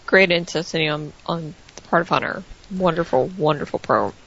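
A woman co-hosting a wrestling recap, chatting casually with animated, joking remarks. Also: deep voice, normal speed, vocal fry, slight background noise. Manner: animated and wisecracking. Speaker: co-host. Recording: dull lo-fi audio.

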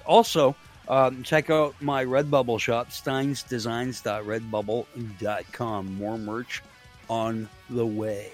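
A man's voice: mid-range voice, unhurried, faint music behind. A man co-hosting a wrestling talk radio show, joking and plugging his social media in casual banter. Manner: animated, jokey self-promotion. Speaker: podcast co-host.

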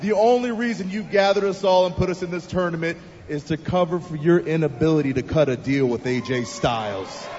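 A man, a wrestler, giving a sarcastic promo that builds from calm talk to shouting. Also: fairly high pitch, a little fast, few pauses, lo-fi sound, a crowd in the background.

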